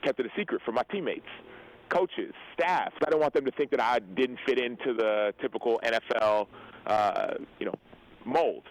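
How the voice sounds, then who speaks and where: A young man and football player telling a personal story in an interview, earnest and animated, acting out the dialogue he quotes. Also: mid-range voice, moderate pace, low-quality recording. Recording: radio show broadcast audio.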